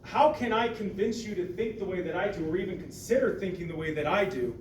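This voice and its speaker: A man from Ohio chatting casually, telling stories with lively acted-out quotes and casual swearing. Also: sits high, brisk. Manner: animated storyteller, acts out quotes loudly, swears casually. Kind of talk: casual podcast chat. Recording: echoey room, mic at a distance, background noise.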